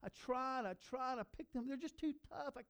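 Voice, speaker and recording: A man's voice: very high voice, normal speed, creaky, a bit bright, smooth, pitched above the performer's own voice, heavily acted. A man voicing a frustrated little boy near tears in a sermon story, pleading and stammering.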